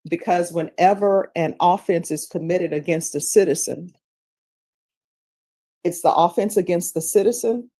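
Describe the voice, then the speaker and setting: A woman's voice: on the low side, dark tone. A woman judge patiently explaining criminal procedure from the bench in a methodical way.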